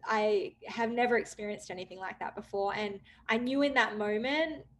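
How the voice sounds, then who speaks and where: A young woman candidly recounting a personal story, with many "like" fillers, acting out quoted dialogue with lively jumps in pitch. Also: moderate pace, slight background noise. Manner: chatty, frequent "like" fillers. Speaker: guest telling her story.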